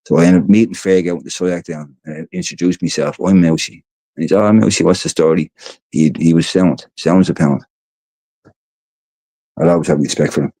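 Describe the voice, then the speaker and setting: A man's voice: deep voice, a little fast, mellow, no room sound. A tired Irish man hosting a livestream, telling stories in a loose, rambling way, swearing freely and repeating his words. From Ireland. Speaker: livestream host. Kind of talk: casual rambling storytelling. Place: indoors, home.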